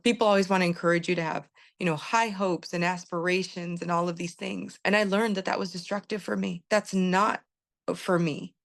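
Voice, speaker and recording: A woman's voice: mid-range voice, vocal fry. A middle-aged woman telling her own story as a patient in an interview, candid and earnest, retelling conversations with many fillers and restarts.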